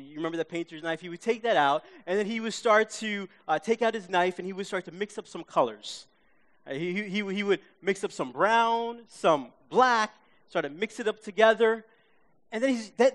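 A man from Queens, telling an animated story to a live audience, acting out his own reactions and checking in with listeners. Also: high-pitched. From Queens, New York. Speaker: speaker.

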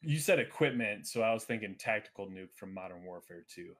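A man's voice: lowish voice, lively intonation, a little fast, a bit bright. A man hosting a casual gaming podcast, running the segments and laughing often. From United States. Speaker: podcast host.

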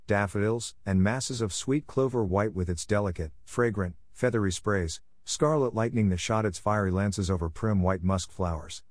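A man reading a classic novel aloud in measured, expressive scripted narration. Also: fairly low pitch, no room sound. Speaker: audiobook reader.

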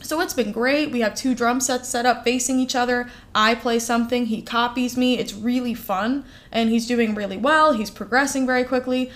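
A woman co-hosts a relaxed podcast chat, her voice sitting a little on the high side. She tells her stories in an animated way, stacking up "like" and "uh" as she goes. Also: moderate pace, hardly any pauses. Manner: animated storytelling with many fillers. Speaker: podcast co-host.

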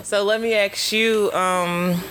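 A woman hosting a casual talk show, frank and quick to laugh, putting pointed questions to her guests. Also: medium pitch, steady tone, background noise. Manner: frank, laughs easily, asks probing questions. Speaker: podcast host. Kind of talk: casual chat.

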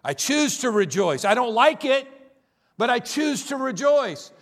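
Emphatic high-voiced preaching pastor. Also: male voice, big pitch swings. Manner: emphatic, repetitive preaching with drawn-out stressed words; drops to quiet, weary tones mocking tired believers. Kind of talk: sermon.

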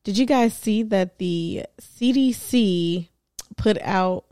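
A woman steering a podcast chat with questions and quick laughs. Her voice sits at a middle pitch. The sound is close and dry, with no room. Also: warm tone, no echo. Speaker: podcast co-host. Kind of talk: casual chat.

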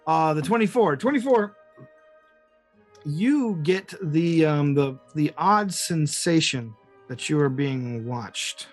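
A man's voice: a little high, expressive, slow, soft background music. Hesitant man running a tabletop game. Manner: hesitant, many fillers and restarts. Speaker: game master.

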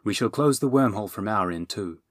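A man's voice: fairly low pitch, expressive, a little fast, no room sound, studio quality. A man voicing an elderly mother dragon who speaks in a firm, commanding way.

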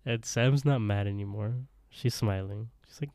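Low dark-voiced man recapping casually. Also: measured pace, vocal fry, dry recording, clean studio sound. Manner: rambling, laughing, acting out quotes. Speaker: podcast co-host.

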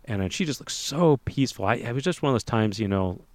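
A man co-hosting a podcast, telling a personal story in a casual interview and acting out other people's lines in quick little voices. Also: mid-range voice, lively intonation, darkish tone, no echo.

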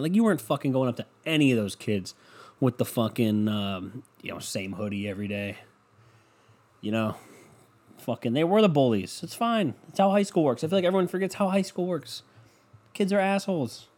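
Young man, podcast host, casual rant, profane, rambling storyteller, mid-pitched voice. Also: animated, brisk, darkish tone.

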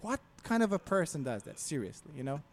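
A man's voice: on the high side, brisk. A man on a podcast, ranting casually with a lot of swearing. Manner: profane, ranting, animated.

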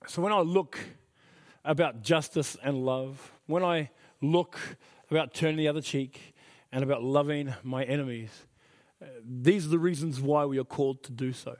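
A man's voice: mid-range voice, normal speed, darkish tone. A middle-aged man preaching a sermon as pastor, earnest and emphatic, repeating his key phrases. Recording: reverberant hall.

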